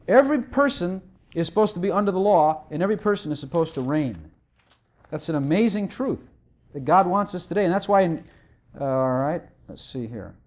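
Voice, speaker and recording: A pastor preaching a sermon, emphatic and repetitive, hammering each point home and sometimes mumbling quietly while looking something up. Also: mid-range voice. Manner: drops to quiet mumbling when searching for a verse. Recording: dull lo-fi recording.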